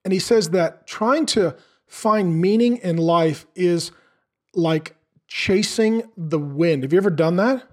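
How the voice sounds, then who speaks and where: A man's voice: high-pitched, slow. A middle-aged man preaching a sermon in an earnest, conversational way, asking the listeners questions. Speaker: pastor.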